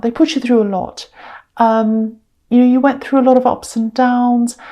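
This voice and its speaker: A woman's voice: on the high side, mellow. A woman giving a tarot reading straight to the viewer, emphatic and repetitive, with many ums and the odd drop to a whisper. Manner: emphatic, repeats words, frequent ums, sometimes drops to a whisper. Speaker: tarot reader.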